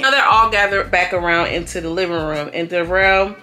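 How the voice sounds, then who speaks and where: A woman's voice: medium pitch, steady tone, fairly quick, pushed and bright, soft background music. A woman giving a casual, slangy recap of a reality show, chatting with viewers and acting out what the cast said. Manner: slangy, chatty, acts out quotes.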